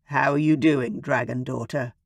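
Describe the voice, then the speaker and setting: Man doing a gentle teasing dragon king. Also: medium pitch, fairly even intonation, normal speed, vocal fry, no echo, close to an everyday voice.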